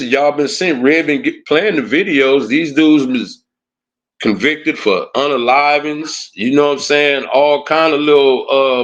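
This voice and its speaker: A livestream commentator with a slightly high, somewhat bright voice goes on a casual rant. He sounds heated and taunting, leaning on "you know what I'm saying" and "huh" repeatedly.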